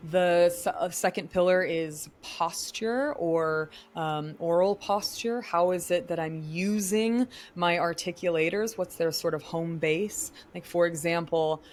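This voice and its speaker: A woman's voice: lowish voice, unhurried, hardly any pauses, darkish tone. A woman who works as an actor and vocal coach, answering podcast interview questions in an articulate, explanatory teaching tone.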